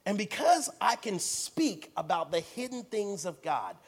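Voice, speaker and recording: A high-pitched American man delivering a sermon as a lively story. He acts out every exchange with theatrical energy and swings between loud bursts and hushed asides. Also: unhurried, slightly rough. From United States. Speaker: preacher.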